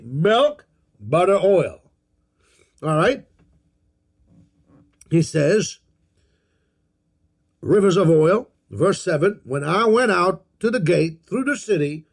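A man's voice: on the high side, lively intonation, vocal fry. A man preaching a sermon, reading scripture aloud, repeating key phrases and calling on the congregation to answer back. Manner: slow and emphatic, reads scripture aloud. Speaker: pastor.

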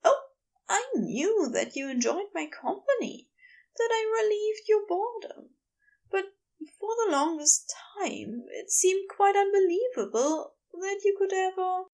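A woman reading a story aloud, voicing a tender, flustered male angel in a soft, breathy, earnest way. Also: very high voice, expressive, unhurried, voice pushed up, exaggerated voice.

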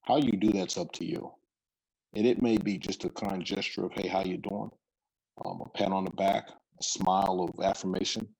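A man's voice: low voice, normal speed, gravelly, a little hiss or hum, rough recording. A middle-aged man, a football coach, telling stories in a casual interview, rambling and restarting his sentences. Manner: relaxed, rambling with frequent restarts.

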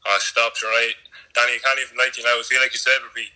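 Bright-voiced young irish man joking. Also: mid-range voice, level tone, poor audio. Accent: Irish, Kildare. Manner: quick, joking, laughs along. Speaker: guest. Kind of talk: casual banter with a friend.

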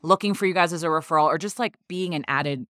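A woman's voice: low voice, quick pace, fairly bright tone, no room sound, clean studio sound. A woman in her thirties co-hosting a podcast, chatty and upbeat, laughing easily and saying "like" a lot. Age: 30s. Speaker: podcast co-host. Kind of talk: casual podcast chat.

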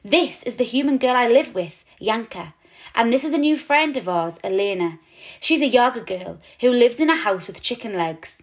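A woman puts on a tiny, excitable male mouse with a high, squeaky voice that leaps up and down. He shouts his words loudly and boasts about himself. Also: normal speed. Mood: proud chatter.

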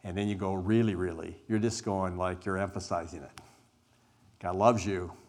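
Low-voiced guy running a group exercise, slow and emphatic, leans on his pauses. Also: steady tone. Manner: deliberate, emphatic, with weighted pauses; says he is an introvert. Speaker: group workshop leader.

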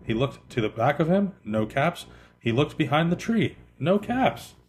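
A man hosting a podcast, reading a children's picture book aloud in an expressive way that slows down for effect. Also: on the high side. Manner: expressive, lively, slowing for effect.

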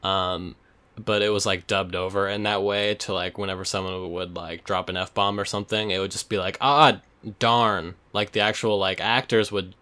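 Young male co-host, clear resonant tone, casual and meandering. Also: on the low side, a bit bright. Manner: rambling, laid-back, frequent fillers. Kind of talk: casual chat.

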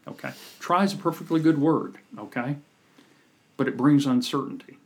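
A man's voice: medium pitch, normal speed, breathy edge. A man on a podcast, a communication coach telling stories in a casual chat and acting out the people he quotes. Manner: animated storyteller, acts out quoted people.

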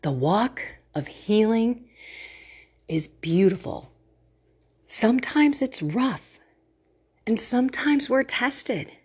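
A middle-aged woman talking into her phone at home, an earnest and emotional faith vlogger who chats warmly and laughs often. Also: a little high, lively intonation, slow, long pauses, husky. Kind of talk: casual devotional talk to camera. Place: at home, indoors.

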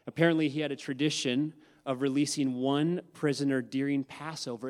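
Dramatic preacher, hushed to booming. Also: male voice, fairly even intonation, a little fast. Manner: dramatic, swings from hushed to loud; addresses listeners as guys. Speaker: pastor. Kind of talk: sermon.

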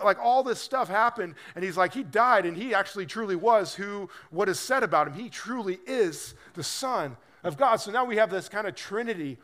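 A man's voice: high-pitched, fairly bright tone. A man preaching a sermon in a loose, conversational way, acting out quoted voices as he explains scripture. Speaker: pastor.

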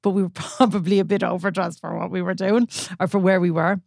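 An Irish woman co-hosting a podcast, telling stories in a lively, laughing way. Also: lowish voice, brisk, gravelly, no echo, studio quality. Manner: lively storytelling with frequent laughs. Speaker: podcast co-host. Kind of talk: casual chat.

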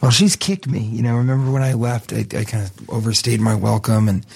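Playful podcast guy, silly bits, acts stuff out, mid pitch. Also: a little fast, gravelly, darkish tone, breathy edge. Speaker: podcast co-host. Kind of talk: casual comedic chat.

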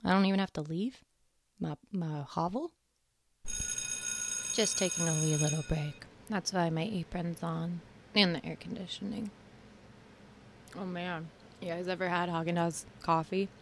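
A woman's voice: on the low side, fairly even intonation, measured pace, long pauses, slight background noise. A young woman hosting a casual educational podcast, chatty and joking, on a close mic. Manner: chatty, joking, goes off on tangents. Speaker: podcast host.

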